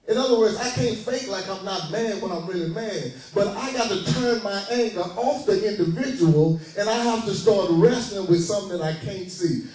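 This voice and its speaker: A man's voice: high-pitched, moderate pace, few pauses, darkish tone. A male preacher delivering a call-and-response sermon, folksy and joking as he urges the congregation to answer back. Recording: echoey hall, voice from far off.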